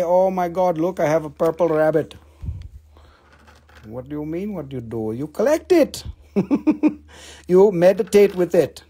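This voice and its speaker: Excitable man hawking crystals on a live stream. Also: fairly high pitch. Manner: excitable, swears, jokes, talks to viewers. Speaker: live-stream seller of minerals. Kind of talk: casual live-sale patter.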